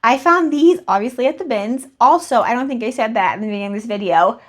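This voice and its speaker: Young woman vlogger, slightly high voice; casual, chatty sales recap full of tangents. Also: expressive, fast. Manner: chatty, rambling asides, laughs at herself. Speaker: reseller vlogger.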